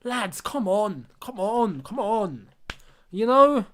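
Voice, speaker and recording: A man's voice: high voice, big pitch swings, slow, fairly bright tone. A young man hosting a live football watchalong, reacting with exasperation and disbelief and talking straight to his viewers. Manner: exasperated, incredulous, talks to viewers as lads. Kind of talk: live match reaction and commentary.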